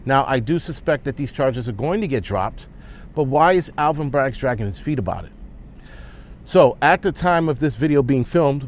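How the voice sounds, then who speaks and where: A man ranting as a vlogger, blunt and heated, swearing often. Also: mid-range voice. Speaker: prepper vlogger. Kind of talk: angry opinion rant.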